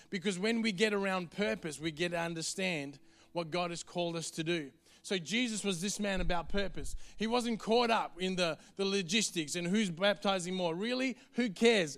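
High-voiced preacher. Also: male voice, fairly bright tone. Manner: earnest, conversational, quick to the point. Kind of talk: sermon.

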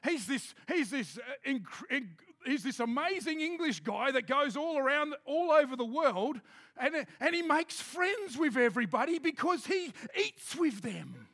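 Man, pastor, very high voice, joking, conversational sermon. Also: measured pace. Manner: lively, joking, conversational preaching. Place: church hall with a congregation.

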